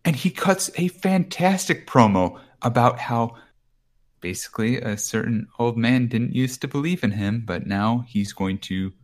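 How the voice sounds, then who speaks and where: A man's voice: medium pitch, lively intonation, a little slow. A man casually recapping a show on a podcast, rambling and swearing freely as he paraphrases. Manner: rambling, profane, paraphrases promos. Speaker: podcast co-host. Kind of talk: casual wrestling recap chat.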